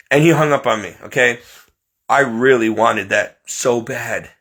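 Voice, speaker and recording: A man from Connecticut telling a rambling, animated personal story, acting out what others said. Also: medium pitch, a little slow. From Connecticut, USA. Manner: rambling, animated, acts out quotes. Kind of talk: personal anecdote monologue.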